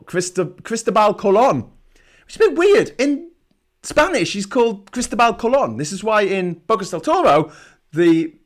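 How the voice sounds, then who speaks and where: A man hosts a live travel show, chatting casually and sarcastically, rambling with lots of restarts. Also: a little high. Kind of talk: casual livestream chat.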